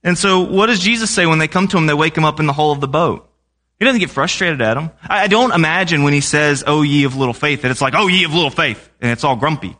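A man's voice: on the high side, animated, quick pace, pushed and bright. A young man preaching a sermon in a conversational way, often asking the congregation questions.

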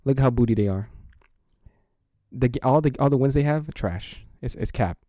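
A man on a sports podcast launches into a rambling, excitable rant while playing along with a jokey courtroom bit. His voice sits in a middle register. The sound is dry and close, with no room echo at all. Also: mid-range voice, normal speed. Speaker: podcast co-host. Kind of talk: mock courtroom banter.

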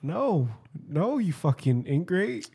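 A man's voice: on the high side, very animated, slow, dark tone, breathy edge. A man in casual crude banter, swearing freely and laughing between mocking impressions.

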